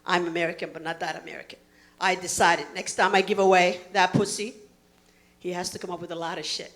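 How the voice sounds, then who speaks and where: A woman's voice: fairly low pitch, level tone, a little fast. A woman, doing a brash, profane stand-up comedy set. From Somalia. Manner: brash, loud outbursts, profane.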